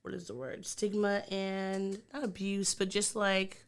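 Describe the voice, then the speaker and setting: A woman co-hosts a podcast, chatting candidly and casually, and grows animated when teasing her co-host. Her voice is medium-pitched and smooth with some vocal fry, and she speaks unhurriedly.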